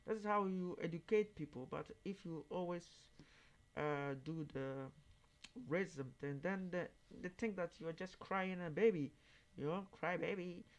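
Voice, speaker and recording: A man hosting a reaction video, talking casually in halting English, searching for words, then growing emphatic. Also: sits high, dull audio. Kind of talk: casual monologue commentary.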